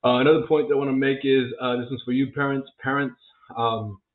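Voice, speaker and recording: A man's voice: mid-range voice, flat delivery, fast talker. A young man talking casually to camera in a vlog, earnest and encouraging, with lots of fillers and restarts. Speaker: realtor vlogger. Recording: echoey room, tinny phone-like sound.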